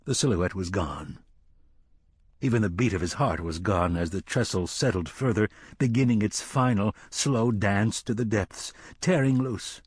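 A man narrating a novel as an audiobook in a measured, solemn storytelling manner. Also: fairly low pitch, slightly rough, no echo, studio quality. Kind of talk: scripted narration.

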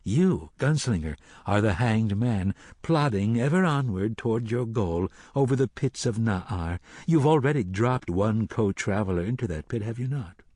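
A man's voice: fairly low pitch, expressive, normal speed, hardly any pauses, darkish tone, no echo, studio quality. A man voicing a sly, mocking male sorcerer who taunts as he reads the cards, in an audiobook reading. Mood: taunting. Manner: taunting and teasing.

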